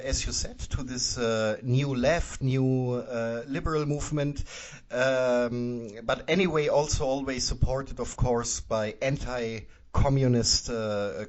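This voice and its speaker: A man from Germany co-hosting a podcast, talking politics in a wry way with chuckling asides. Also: medium pitch. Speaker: podcast co-host. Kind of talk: casual political discussion. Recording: dull lo-fi sound.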